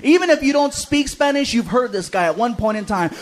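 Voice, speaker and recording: A man's voice: extremely high pitch, expressive, fairly quick. A man doing stand-up comedy, telling chatty stories to a live audience. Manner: chatty storytelling, slips into character voices. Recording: live club recording with audience. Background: audience noise.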